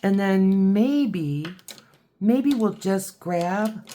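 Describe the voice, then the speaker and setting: Low-pitched lady doing an art tutorial, slow and chatty, kinda thinking out loud. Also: expressive. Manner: chatty, thinking aloud while painting. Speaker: art teacher. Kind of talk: watercolor tutorial.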